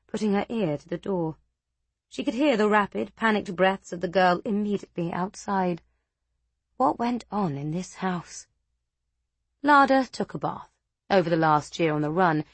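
A woman narrating a novel as an audiobook, measured and steady. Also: mid-range voice, slightly rough, no echo. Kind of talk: scripted narration.

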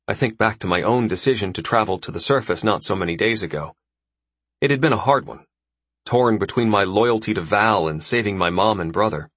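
A man narrating a fantasy audiobook in the first person with an expressive storytelling delivery. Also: fairly low pitch, slightly rough, no echo.

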